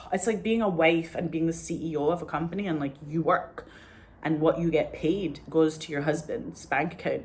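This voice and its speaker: A Scottish woman telling stories in a casual, rambling way, swearing freely and saying "like" constantly. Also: sits low. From Scotland. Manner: rambling, profane, heavy use of "like". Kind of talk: casual storytelling.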